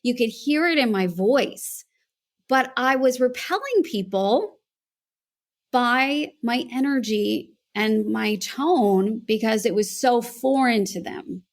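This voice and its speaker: A woman's voice: fairly high pitch, slow pace. An American woman, a voice coach, earnestly telling her story as a podcast guest. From United States. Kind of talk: podcast interview.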